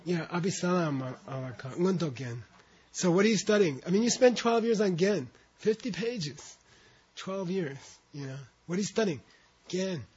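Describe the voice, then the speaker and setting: A man lecturing a classroom, leading his students through a reading one syllable at a time and stopping to explain what the words mean. His voice sits a little high for a man. The recording is muffled and lo-fi. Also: animated, normal speed, few pauses, darkish tone, breathy edge. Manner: patient, breaks words into syllables for students to repeat. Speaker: teacher. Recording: dull lo-fi recording.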